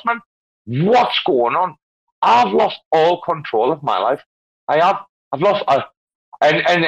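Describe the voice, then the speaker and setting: A man's voice: medium pitch, fairly bright tone. A man, talking in rowdy, rambling, sweary banter as a guest in an online audio chat. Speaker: guest speaker in a crypto audio space. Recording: muffled lo-fi online call audio.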